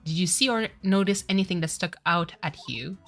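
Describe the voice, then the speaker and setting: A woman's voice: on the low side, a little fast, a bit bright, faint music behind. A woman reading the lines of an earnest young male attorney in her own voice.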